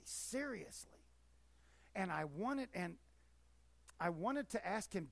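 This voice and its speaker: A pastor preaching a sermon with emphatic force that rises and falls. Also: male voice, high-pitched, animated, slow, gravelly, long pauses, a bit bright, dry recording.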